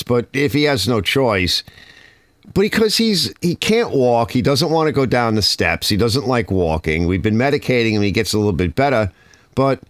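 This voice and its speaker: A man's voice: mid-range voice, fairly bright tone, dry recording. Rambling, exasperated middle-aged man. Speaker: garage channel host. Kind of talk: casual livestream chat. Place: home garage workshop. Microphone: streaming setup mic.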